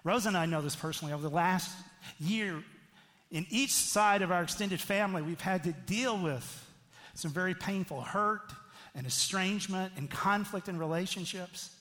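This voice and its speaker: A middle-aged man preaches in an easy, conversational manner, often tossing a quick question back to his listeners. His voice sits a little higher than most men's. The sound carries a long hall reverb, as in a church sanctuary. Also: a bit bright. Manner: conversational, frequent "right?" asides. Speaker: pastor. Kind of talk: sermon.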